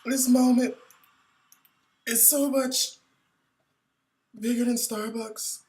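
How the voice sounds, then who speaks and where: A man's voice: extremely high pitch, flat delivery, takes it slowly, darkish tone, pitched above the performer's own voice. Man doing a weepy, overwrought award speech. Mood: tearful. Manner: weepy, overwrought, rising pathos. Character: tearful award-winner giving a grand acceptance speech.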